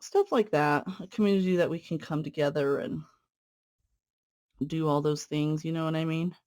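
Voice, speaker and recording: A woman talks casually to her viewers while she works on a cross-stitch piece. Her talk is friendly and rambling, full of fillers and asides. Now and then she pauses mid-thought as she threads and pulls stitches. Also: sits low, steady tone, darkish tone. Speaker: cross-stitch video host. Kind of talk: casual stitch-along chat.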